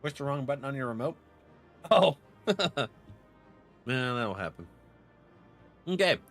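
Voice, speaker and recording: A man streaming a game speaks a little slowly, with soft background music behind him. Chatty and quick to laugh, he reads viewers' messages aloud and lets his pitch swing energetically.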